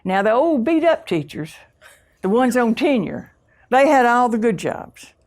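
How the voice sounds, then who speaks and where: A woman with a deep Southern US accent, giving a humorous, folksy keynote talk full of self-deprecating stories and drawn-out vowels. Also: sing-song, darkish tone. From Southern US (Alabama, Mississippi). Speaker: keynote speaker.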